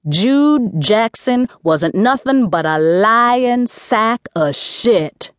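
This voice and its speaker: A woman's voice: a little high, expressive, drawn-out words, dry recording, studio quality, voice pushed up. A woman voicing a tough, brash middle-aged aunt who barks bluntly and curses. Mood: scolding. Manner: barking, blunt, cursing.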